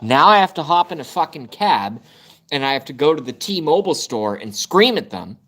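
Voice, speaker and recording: A man's voice: fairly high pitch, very animated, normal speed, fairly bright tone. A man hosting a casual live stream from his phone, ranting in frustration and swearing about his device. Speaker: livestream host. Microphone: phone camera at arm's length.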